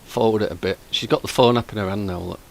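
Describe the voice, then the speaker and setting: A man's voice: fairly low pitch, fast talker, creaky. A man hosting a reaction stream, chatting casually and skeptically while reading out viewer comments. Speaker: reaction video host.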